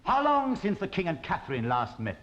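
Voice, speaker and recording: A man's voice: sits high, huge pitch swings, a little fast, a bit bright, lo-fi sound, full character voice. An actor playing a scheming male nobleman who talks in a commanding, plotting, lordly way in a television comedy sketch.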